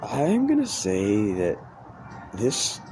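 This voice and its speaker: A man's voice: fairly low pitch, huge pitch swings, very slow, darkish tone, soft background music. A man telling a rambling, profane story in casual chat, often breaking off and restarting mid-sentence. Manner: profane, meandering, self-interrupting. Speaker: podcast host. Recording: noisy background.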